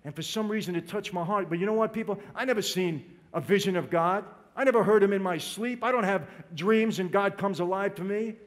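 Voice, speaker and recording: A man's voice: high-pitched, brisk, few pauses. A man giving an emotional religious testimony, speaking straight to his audience and calling them "people". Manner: emotional, direct, addresses listeners as "people".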